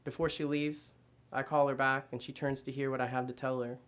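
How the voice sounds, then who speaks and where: Man reading fiction in a flat voice. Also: medium pitch, brisk. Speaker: reader. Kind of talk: first-person literary reading.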